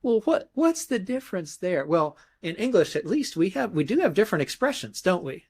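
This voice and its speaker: A man's voice: high-pitched, very animated, brisk, a little mellow. A man being interviewed as a scholar, explaining grammar thoughtfully step by step, often restarting phrases and demonstrating emphasis with his voice. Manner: mimics emphasis with his voice in examples. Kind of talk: academic explanation in conversation.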